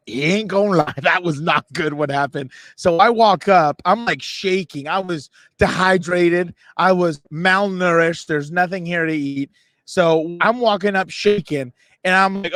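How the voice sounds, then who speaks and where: Excitable high-voiced man telling a story. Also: normal speed, no room sound, studio quality. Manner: animated, self-mocking, voices others in quotes. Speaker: podcast co-host. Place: radio row event booth.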